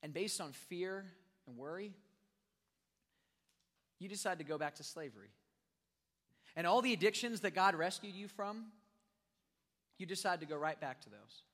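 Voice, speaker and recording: Animated young preacher, bright high voice. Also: male voice, normal speed, long pauses. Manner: animated, joking with the crowd, acting out scenes. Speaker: youth pastor. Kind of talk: sermon. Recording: long reverb of a large hall.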